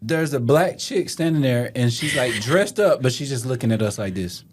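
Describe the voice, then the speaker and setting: A man from Texas, in his thirties, recounts a strange police call in a relaxed podcast chat. His voice sits at an ordinary middle pitch, and he keeps laughing and acting out what people said. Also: normal speed. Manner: animated storyteller, laughs often, acts out quotes. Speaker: police officer guest. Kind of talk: casual storytelling.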